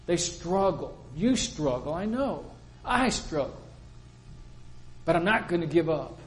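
Older male preacher, slightly high-pitched, folksy storytelling sermon delivery. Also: unhurried, low-quality recording. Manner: plain-spoken storytelling preacher, quotes people in lively voices.

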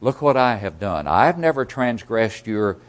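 A man's voice: on the low side, big pitch swings, unhurried, pitched below the performer's own voice. A man voicing a resentful, self-righteous elder brother who complains indignantly in a sermon.

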